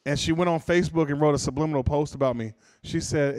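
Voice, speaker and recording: A man's voice: a little high, quick pace, hardly any pauses, no room sound, clean studio sound. A man doing a stand-up comedy set, telling stories casually and acting out voices. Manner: casual, animated storytelling with character voices.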